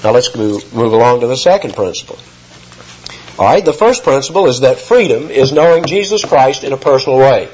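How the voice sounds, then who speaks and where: A man's voice: mid-range voice, expressive, fairly quick, a little mellow, slightly rough. A man preaching an expository sermon, emphatic and rising sharply when he quotes. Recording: muffled lo-fi sermon recording.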